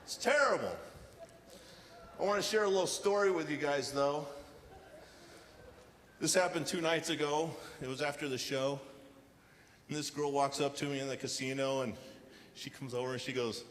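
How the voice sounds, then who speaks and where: Stand-up guy telling deadpan stories on stage, slightly high voice, echoey showroom. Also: normal speed, pauses often, a little hiss or hum. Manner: deadpan storytelling with acted-out quotes. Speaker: stand-up comedian. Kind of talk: stand-up comedy set. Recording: live hall reverb with faint ambience.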